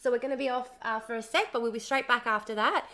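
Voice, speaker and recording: Live streamer, Australian woman, bit raised pitch, bright tense tone, slightly hoarse, chatty and repetitive. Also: fast. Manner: chatty, repeats words, greets viewers excitedly. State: slightly hoarse, recovering from lost voice. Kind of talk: casual live stream chat.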